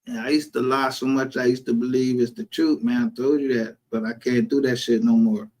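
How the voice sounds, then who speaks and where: A man's voice: mid-range voice, fairly even intonation, fairly quick, a little mellow. A man streaming a casual, profane rant, heated and defensive.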